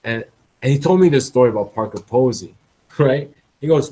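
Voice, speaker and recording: A man talks in a loose, rambling monologue for his blog, his voice sitting at an ordinary mid pitch. He circles back, repeats words and restarts phrases, with little chuckles dropped between them. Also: expressive, normal speed, mellow, husky, poor audio. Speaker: blogger.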